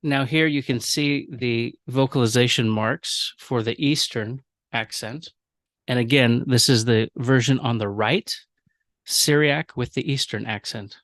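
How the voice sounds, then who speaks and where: A man teaching a video lesson, explaining things in a measured way with some fillers and restarts. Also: mid-range voice, fairly bright tone, no echo. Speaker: language teacher.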